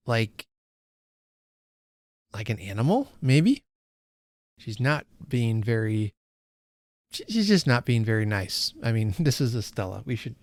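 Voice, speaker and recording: A man's voice: medium pitch, darkish tone, dry recording, clean studio sound. A man hosting a casual book read-along, reading passages and musing aloud, often restarting his sentences as he thinks. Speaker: book channel host.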